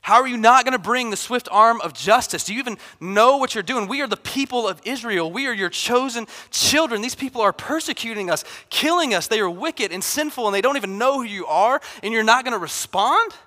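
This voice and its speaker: A man's voice: very high voice, expressive, brisk, hardly any pauses, sharp tone, pitched above the performer's own voice, exaggerated voice. A man voicing an indignant, self-righteous male prophet who fires accusing questions at God. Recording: long hall reverb.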